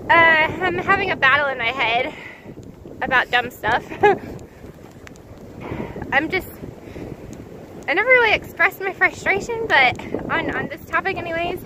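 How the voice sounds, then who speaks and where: A woman's voice: extremely high pitch, animated, moderate pace, long pauses. A young woman vlogging as she hikes a snowy mountain trail, gushing and laughing as she talks to her viewers. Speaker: thru-hiker vlogger. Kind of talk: casual trail vlog. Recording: wind and outdoor noise. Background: wind noise.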